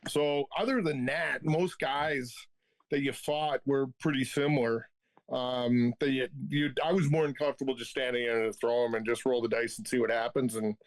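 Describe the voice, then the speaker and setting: A man in his fifties, once a hockey enforcer, guests on a podcast and tells rough, laughing anecdotes full of swearing. His voice sits a little high. The sound is dry and close. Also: no echo. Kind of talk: casual storytelling.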